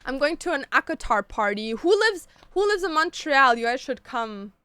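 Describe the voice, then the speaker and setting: A woman's voice: high voice, very animated, moderate pace, sharp tone, dry recording. A woman streamer chatting casually with her chat, gushing about books and shows and swearing freely. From Canada.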